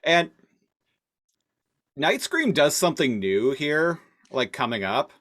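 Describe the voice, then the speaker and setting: A man's voice: fairly high pitch, very animated, takes it slowly, a bit bright. A man co-hosting a podcast, recapping a cartoon episode in loose casual chat full of "like" and "uh". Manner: loose, filler-heavy recap with frequent "like". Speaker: podcast co-host.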